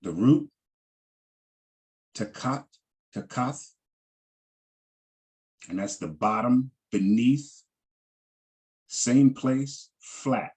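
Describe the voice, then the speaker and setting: A man teaching a language class, slowly repeating each word and its pronunciation and checking in with "all right" as he goes. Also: mid-range voice, lively intonation, darkish tone, breathy edge. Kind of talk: slow vocabulary lesson over shared screen.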